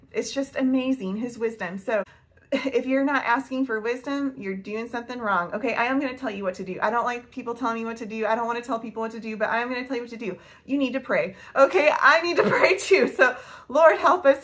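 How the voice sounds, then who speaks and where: A woman, talking casually to camera as a homeschool vlogger, chatty and laughing often. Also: on the high side. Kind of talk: casual faith-based talk to camera.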